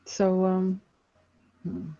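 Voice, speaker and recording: A woman's voice: fairly low pitch, completely flat delivery, very slow, dark tone, no echo. A woman playing a tabletop game, casually describing her character's actions, in dull, dry audio. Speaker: player.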